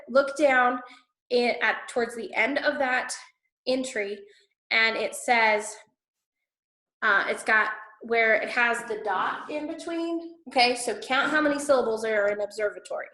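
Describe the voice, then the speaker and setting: A woman teacher with a slightly high voice walks students through an exercise patiently, step by step, pausing often to check in. She is recorded in an echoey room. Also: a bit bright. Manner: patient, step-by-step explaining with frequent "okay?" checks. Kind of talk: classroom instruction recorded for students.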